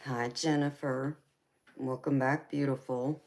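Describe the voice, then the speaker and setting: A woman from Georgia with a Southern accent, hosting a live tarot stream and chatting warmly with viewers, calling them honey and baby and laughing often. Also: a bass voice, level tone. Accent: Southern American. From Georgia, United States. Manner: slow, unhurried, laughs often.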